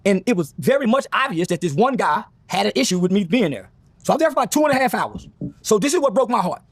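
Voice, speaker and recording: Man, high animated voice, husky, fast, profane storytelling. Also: dry recording. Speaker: guest. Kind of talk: casual storytelling.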